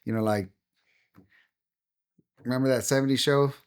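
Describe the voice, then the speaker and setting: A man's voice: medium pitch, steady tone, moderate pace, clean tone. A middle-aged man, a pastor, telling a story on a podcast and acting out the dialogue he quotes. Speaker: pastor and guest.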